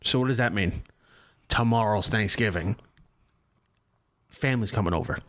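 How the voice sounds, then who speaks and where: A man's voice: on the low side, normal speed, fairly bright tone. A young man casually telling a rambling, profane story in a chat with friends.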